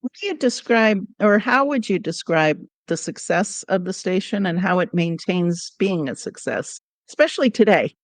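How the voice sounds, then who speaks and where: A woman's voice: on the low side, lively intonation, normal speed, hardly any pauses, no echo. A woman hosting an interview podcast, friendly and joking in a casual chat. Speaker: podcast host.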